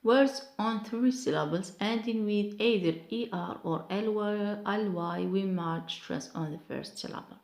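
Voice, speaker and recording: A woman, teaching English word stress slowly and carefully, repeating each example word. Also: mid-range voice, gravelly, darkish tone, echoey room. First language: Arabic. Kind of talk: online pronunciation lesson.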